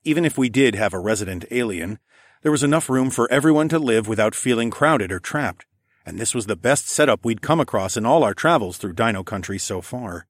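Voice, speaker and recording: A man narrating an audiobook in the first person, in a calm, even, low-key way. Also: brisk, no room sound, clean studio sound.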